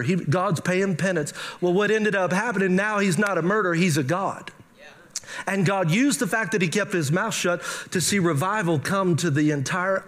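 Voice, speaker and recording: A middle-aged man preaching a sermon to a congregation, lively and joking, talking straight to the room. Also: sits high. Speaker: pastor. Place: church sanctuary with a live congregation.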